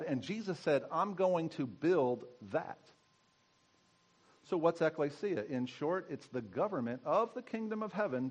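A man's voice: a little high, highs cut off. A man giving a conversational sermon as pastor, teaching and asking his congregation questions.

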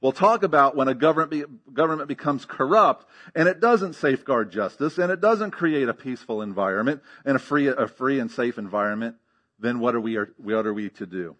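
A man's voice: mid-range voice, lively intonation, a little fast, a bit bright. A man preaching a sermon as pastor, teaching emphatically with rhetorical questions and frequent checks of "okay?".

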